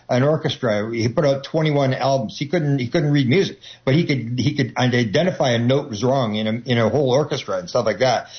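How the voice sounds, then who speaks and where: A man's voice: medium pitch, dull audio. A man talking as a guest in a rambling, conversational way, restarting often and acting out quotes. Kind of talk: conversational explanation.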